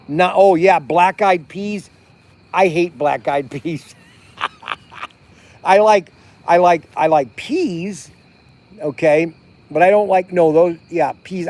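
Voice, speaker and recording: A man's voice: sits high, a little mellow. A middle-aged man rambling casually in a livestream, talking outdoors by a campfire at night, with many restarts and fillers. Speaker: vlog host. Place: outdoors at a campground by a fire at night.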